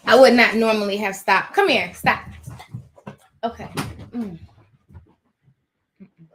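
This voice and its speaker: High bright-voiced woman chatting live. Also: moderate pace, long pauses, slight background noise. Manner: animated, rambling, talks to viewers as y'all. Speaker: live stream host. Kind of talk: casual live-stream chat. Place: home office.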